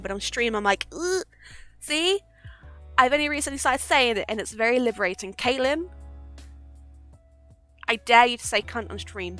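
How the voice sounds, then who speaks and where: A woman's voice: fairly high pitch, a bit bright. A young woman streaming live, chatting casually and giggling often between sweary asides. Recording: faint background music.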